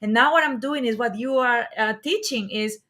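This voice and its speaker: A woman hosting a talk show, enthusiastic and animated as she tells stories. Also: on the high side, normal speed. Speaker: host. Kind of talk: livestream talk show chat.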